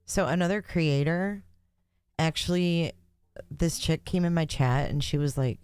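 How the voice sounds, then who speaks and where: A woman's voice: deep voice, a little slow, darkish tone, clear, resonant tone, no room sound. A woman hosting a casual livestream, chatting and joking with her viewers between court sessions. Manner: chatty, joking, talks to chat. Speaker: livestream host.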